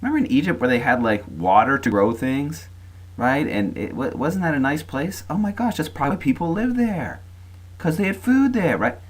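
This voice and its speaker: A man's voice: a little high, sing-song, normal speed, husky, voice pushed up. A man doing a whiny sarcastic grumbler. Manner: mocking, sing-song sarcasm. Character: whiny sarcastic grumbling ancient wanderer, male adult.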